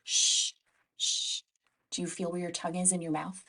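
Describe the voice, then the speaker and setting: A woman teacher giving a phonics lesson for young children, slowly modeling each speech sound. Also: lowish voice, flat delivery, gravelly. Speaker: reading teacher.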